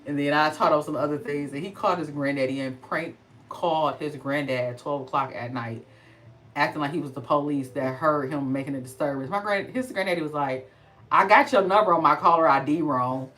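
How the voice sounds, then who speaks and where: A woman's voice: low voice, brisk, recorded from a distance, slight background noise, rough recording. A middle-aged woman hosting a casual skincare livestream, chatty and laughing often.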